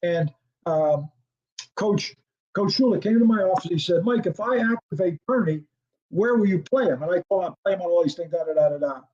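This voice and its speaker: A man's voice: sits high, fairly quick, lo-fi sound. An older man, a former football coordinator, telling a story as an interview guest and acting out the dialogue. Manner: animated storyteller, acts out quoted dialogue, laughs often.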